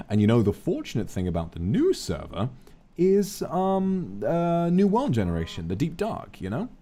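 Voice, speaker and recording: A man streaming a game, chatting casually in a playful, theatrical way, moving between grand declarations and hushed asides. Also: medium pitch, wildly swooping pitch, normal speed. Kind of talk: casual gameplay stream chat.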